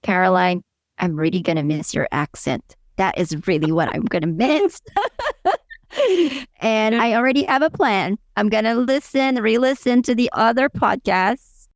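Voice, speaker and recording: A woman's voice: mid-range voice, normal speed, no echo, studio quality. A woman co-hosting a podcast, talking earnestly and thanking her colleagues with a laugh. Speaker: podcast co-host. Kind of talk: casual podcast chat.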